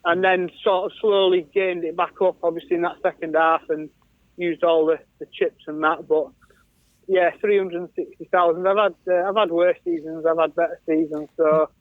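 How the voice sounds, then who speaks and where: A man with a Northern English accent talks casually as a podcast guest, laughing easily and tripping into restarts. His voice sits high for a man. He comes through a tinny, phone-like line. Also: level tone, moderate pace, no room sound. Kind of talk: casual chat. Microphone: phone or call line.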